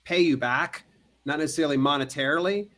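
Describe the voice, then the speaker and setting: A man with a somewhat high voice co-hosts a casual business podcast. He talks at length, circling back and restarting his sentences, and slips in playful asides as he goes. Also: fairly quick, fairly bright tone. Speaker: podcast co-host.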